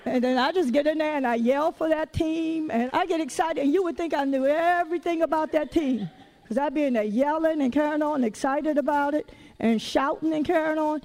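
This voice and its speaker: A woman with a Southern US accent preaching a sermon in a lively, conversational way with folksy asides. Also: sits high, brisk.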